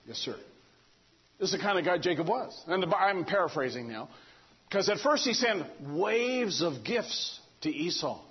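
A man's voice: high voice, animated, moderate pace, breathy edge. A man preaching a folksy, conversational sermon, retelling the story with humor and playing out the characters' talk. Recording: dull lo-fi recording.

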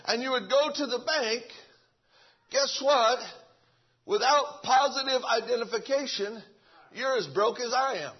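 A man's voice: extremely high pitch, breathy edge, muffled recording. A man preaching a sermon in a folksy way, stumbling over restarts and calling out amen.

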